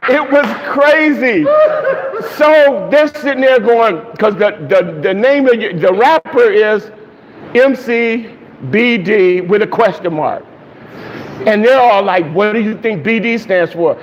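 A man with a high voice preaches to his congregation, telling a story with lively laughter and chanting out the crowd's lines. His voice rings through a reverberant church hall. The recording is dull and lo-fi, with a faint hiss underneath. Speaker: pastor. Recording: long reverb, dull lo-fi sound, faint noise.

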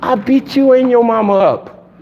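A man preaching a sermon with a high, bright voice, lively and quick to laugh or shout a word out. The recording sounds muffled and lo-fi, with a faint hiss underneath. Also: vocal fry. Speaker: pastor.

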